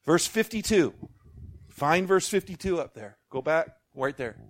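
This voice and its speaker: A man preaching a sermon as pastor, animated, with jokey asides and call-outs to the congregation. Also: on the high side, a little slow.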